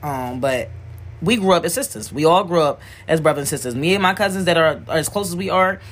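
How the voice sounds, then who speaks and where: A woman's voice: sits low, expressive, quick pace. Grieving woman talking frankly while sewing. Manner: frank, rambling, emotional, swears freely. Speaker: wig maker working while talking. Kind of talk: candid talk to camera while working.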